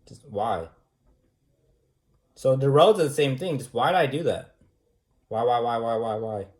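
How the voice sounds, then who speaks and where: A man's voice: mid-range voice, lively intonation, measured pace, darkish tone. A man teaching a debate class in an informal, talky way, firing off repeated rhetorical questions and using casual fillers.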